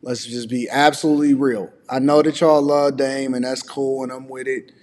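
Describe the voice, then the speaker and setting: A man's voice: mid-range voice, level tone, moderate pace, darkish tone, big-room sound, a little hiss or hum. A man hosting a livestream, reacting to a clip with exasperated, blunt, profane commentary. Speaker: livestream host.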